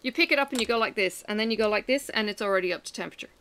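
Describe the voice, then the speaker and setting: A woman chatting casually to camera in a lively, self-mocking way. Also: medium pitch, racing, background noise. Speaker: vlogger.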